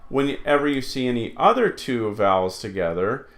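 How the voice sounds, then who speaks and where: A man teaching an online Latin lesson, explaining slowly and patiently with many fillers. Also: mid-range voice, a bit bright.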